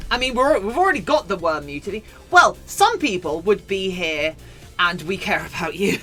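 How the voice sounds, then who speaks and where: A woman's voice: mid-range voice, expressive, moderate pace, pushed and bright, faint music behind. A British woman streaming live, chatting playfully and mock-dramatically with her viewers while she crafts.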